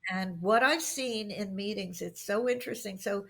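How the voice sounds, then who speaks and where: A middle-aged woman speaks as a podcast interview guest, spinning anecdotes and acting out what people said. Her voice has a gravelly, creaky edge, and her pitch sits in an ordinary middle range. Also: moderate pace. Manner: animated anecdotes with acted-out quotes. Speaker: guest expert on workplace communication.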